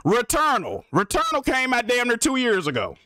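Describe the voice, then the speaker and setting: A young man streaming live about games, ranting in an exasperated, profane way with big swings between loud outbursts and mutters. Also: very high voice, huge pitch swings, moderate pace, no echo, studio quality. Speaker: gaming streamer.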